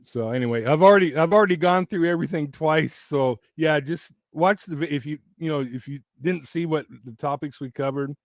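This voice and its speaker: A man chats loosely to his channel's viewers from home, sitting right up on the mic in a dry, close sound. His voice sits a bit high for a man and is wearing thin, and he rambles, restarts and laughs often. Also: a little fast, few pauses, no echo. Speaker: YouTube channel host. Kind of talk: casual livestream chat.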